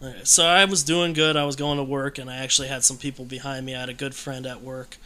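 A man talks candidly in a casual conversation, rambling along with plenty of fillers and restarts. His voice is bright and sits at a middle pitch. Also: level tone, fast talker. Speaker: guest telling his recovery story.

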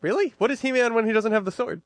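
A man co-hosting a podcast in casual chat, joking and animated. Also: extremely high pitch, racing, no room sound, faint music behind. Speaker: podcast co-host.

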